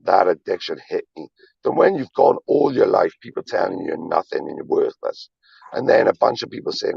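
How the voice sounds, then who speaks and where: A man with a very low, gravelly and husky voice rambles and confesses on his livestream, swearing freely and repeating himself for emphasis. The audio is dry and dull, like a cheap stream mic. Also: big pitch swings, brisk, a little mellow, dry recording. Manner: emphatic, repetitive, swearing often.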